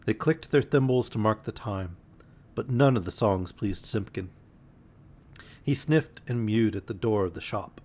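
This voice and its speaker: A man reading a storybook aloud in a gentle, unhurried bedtime manner on a live stream. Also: lowish voice.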